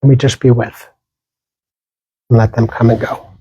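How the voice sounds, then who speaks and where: A man giving a dharma talk as a meditation teacher, speaking gently with pauses and small restarts. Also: medium pitch, flat delivery, slightly rough, dry recording, dull audio.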